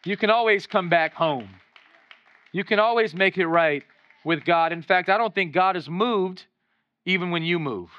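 A man's voice: fairly high pitch, fairly bright tone, no room sound, highs cut off. A male pastor preaching a sermon, exhorting the congregation and acting out voices in his retellings. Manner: acts out voices when retelling scenes.

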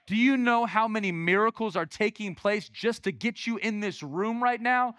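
A male pastor preaching a lively sermon in church, calling out to the congregation. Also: high voice, moderate pace, hardly any pauses, no room sound, studio quality. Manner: energetic, calls out to the congregation.

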